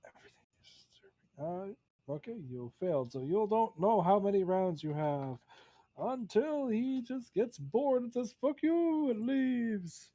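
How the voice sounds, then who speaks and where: A man running a tabletop game as game master, narrating in a halting way with many fillers. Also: high-pitched, dark tone, dry recording.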